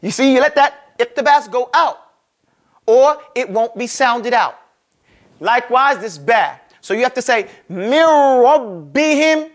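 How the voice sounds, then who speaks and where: A man with a strikingly high, expressive and slightly bright voice teaches a Quran recitation class. His classroom style is casual and conversational, with frequent check-ins, and he drills pronunciation by stretching each sound out slowly and repeating it.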